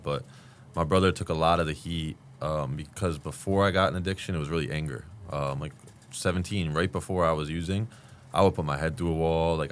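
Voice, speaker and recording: Man in his thirties, extremely low voice, rapid pace, rambling candid talk. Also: a little hiss or hum. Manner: rambling, heavy on fillers like "like". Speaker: guest sharing recovery story. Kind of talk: candid podcast conversation.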